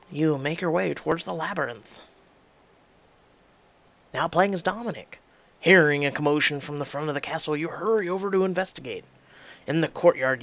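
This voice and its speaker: Woman narrator reading a story game aloud, gravelly, steady. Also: low-pitched. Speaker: reader.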